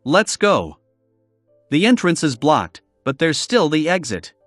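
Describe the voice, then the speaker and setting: A tense, self-critical young man from a fantasy audiobook, read by a man narrator. He speaks in a flat, subdued way, with a lively rise and fall in the pitch. The sound is dry and close, with faint music underneath. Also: slow, dry recording, full character voice. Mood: resolute.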